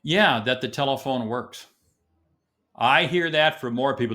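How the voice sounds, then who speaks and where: An older man being interviewed as a sales expert on a podcast, talking in an emphatic, animated way and repeating words for stress. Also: medium pitch, measured pace.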